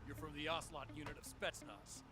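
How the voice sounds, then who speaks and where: An actor playing a confrontational soldier in a video game, sharp and accusing. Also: male voice, a little high, fairly even intonation, quick pace, faint music behind. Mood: hostile. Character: hostile male soldier, confrontational.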